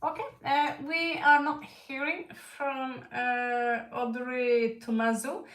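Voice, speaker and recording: A woman's voice: high voice, slow pace, a bit bright, far from the mic. A woman who is not a native English speaker, with a mixed British and Russian accent, reading tarot live for chat viewers in a hesitant way with many fillers. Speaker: tarot reader. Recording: echoey room, voice from off-mic.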